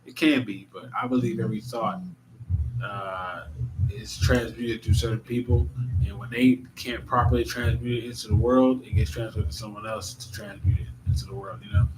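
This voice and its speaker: A man's voice: fairly low pitch, moderate pace, a little hiss or hum, poor audio. A man talking casually and reflectively to his viewers, a little tired, addressing them as y'all. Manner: relaxed, musing, speaks to viewers as y'all. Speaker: vlogger. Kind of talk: casual reflective vlog talk.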